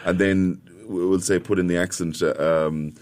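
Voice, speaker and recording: Deep-voiced hesitant male theatre director. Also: fairly even intonation, moderate pace, a little mellow. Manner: hesitant, many fillers and restarts. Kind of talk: casual studio chat. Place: radio studio.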